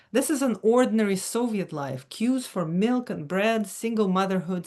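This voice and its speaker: A woman giving a prepared academic lecture, measured and careful, with occasional fillers and self-corrections. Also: medium pitch. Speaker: academic speaker.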